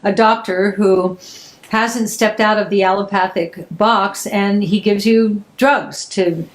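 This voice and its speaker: A woman's voice: mid-range voice, steady tone, slow, poor audio. Older lady podcast host, chatty and emphatic, just telling stories. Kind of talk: casual chat.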